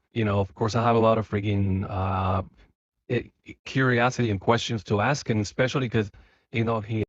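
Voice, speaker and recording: A man's voice: lowish voice, dry recording, highs cut off. A man from Spain talking to himself while driving home, rambling casually with lots of fillers and restarts. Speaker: vlogger. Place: car.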